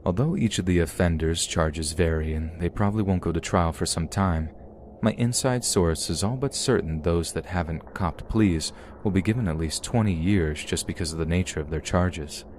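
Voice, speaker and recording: A man reading a first-person true horror story aloud as a podcast narrator, in a steady, measured manner. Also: low voice, slight background noise.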